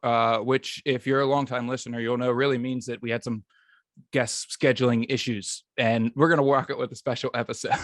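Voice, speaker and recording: Casual male podcast host, self-deprecating, mid-pitched, dry close sound. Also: no echo. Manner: easygoing, self-deprecating joking.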